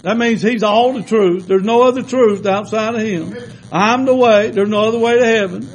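Preaching fervently at a moderate pace, a man with a strikingly high voice peppers the congregation with rhetorical questions and repeated calls of amen. The recording is low quality.

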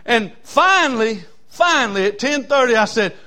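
A man, a preacher telling a folksy story in a sermon that builds from quiet asides to shouting. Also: extremely high pitch, lively intonation, moderate pace.

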